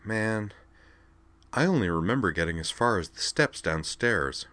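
A man reading aloud and putting on a wry, forthright young woman student, raised above his own deep voice. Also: animated, unhurried, fairly bright tone, no room sound. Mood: teasing. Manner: wry, teasing.

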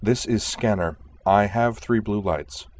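A calm, precise male sensor pilot reading out bearings slowly and evenly, as a narrator voices him. The voice stays deep and quiet with no hurry at all. Every report comes out matter-of-fact. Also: lightly acted. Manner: measured, slow and matter-of-fact.

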